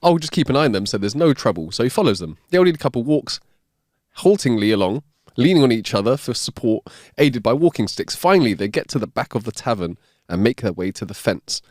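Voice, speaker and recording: A man's voice: medium pitch, very animated, fast, darkish tone, dry recording, clean studio sound. A man co-hosting a casual podcast, telling long, rambling jokes and laughing at his own lines. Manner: laughs often, rambling joke-teller. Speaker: podcast co-host.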